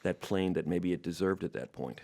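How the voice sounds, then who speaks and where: A man co-hosting a talk show, asking questions in a measured, hesitant way. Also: low-pitched, a little mellow. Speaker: co-host. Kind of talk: interviewing.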